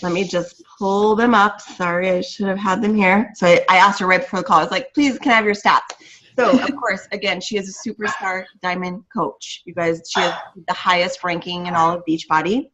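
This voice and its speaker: A woman's voice: fairly low pitch, fairly even intonation, a little fast, hardly any pauses, background noise. A woman hosting a video call, introducing a guest speaker with enthusiasm and reading off her achievements with small restarts.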